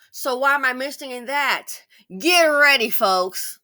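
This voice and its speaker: Animated woman talking straight to viewers. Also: high voice, a little slow, few pauses. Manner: exclamatory, rambling asides. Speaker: commentary channel host. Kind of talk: casual commentary monologue.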